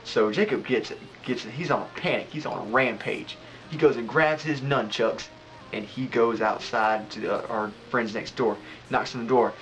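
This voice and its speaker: A man's voice: mid-range voice, moderate pace, fairly bright tone, poor audio. A young man hosting a casual podcast from a home studio, telling stories in a rambling, laughing way. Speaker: podcast host.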